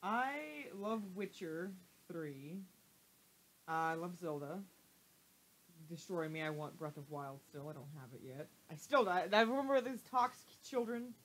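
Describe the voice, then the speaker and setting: Art streamer: an animated woman whose voice swings widely, joking around while she sketches. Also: low voice, measured pace, poor audio. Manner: animated, jokey, acts out quotes in funny voices. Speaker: livestream artist drawing on stream. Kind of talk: casual chat.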